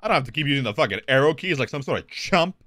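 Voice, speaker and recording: Animated young man streaming a game. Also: mid-range voice, racing, no echo, studio quality. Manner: animated, swears casually, jokes. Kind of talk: live gameplay commentary.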